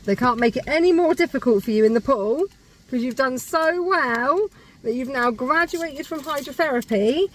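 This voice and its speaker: A family vlogger chats casually and upbeat to camera from inside a parked or moving car, recorded on a phone in a holder, now and then turning to talk to her kids. Her voice sits high and animated at a moderate pace, and the audio is poor.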